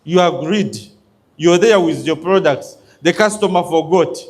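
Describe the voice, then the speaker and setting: A man's voice: a little high, a little slow. A man giving a motivational business talk to an audience, emphatic and checking in with his listeners. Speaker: business coach.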